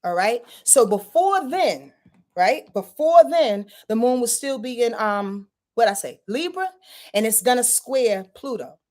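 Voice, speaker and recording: Her voice sits on the high side with a darkish tone, animated but never rushed. As host of an astrology channel, she gives a loose spoken forecast, swearing casually and frequently cracking herself up.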